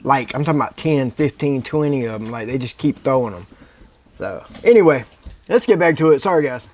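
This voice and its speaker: A man hosts a reaction video in loose, rambling commentary. He sounds indignant and exasperated, in a mid-pitched, everyday voice. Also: animated, a little fast, a little mellow.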